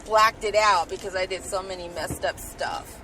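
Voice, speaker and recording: A woman's voice: lowish voice, normal speed, bright, forceful tone, poor audio. A woman telling rambling personal stories in a chatty way, full of "like" and "um", while she drives. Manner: chatty, filler-heavy with frequent "like" and "um". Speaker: podcast host. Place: inside a moving car. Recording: car road noise behind voice. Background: car and traffic noise.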